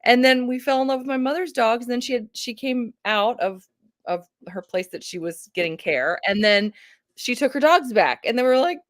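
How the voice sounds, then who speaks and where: A woman's voice: on the high side, normal speed, no room sound, studio quality. A woman in her thirties hosting a casual video chat, telling stories with laughs and acted-out voices. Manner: animated storyteller, acts out voices with laughs. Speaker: host.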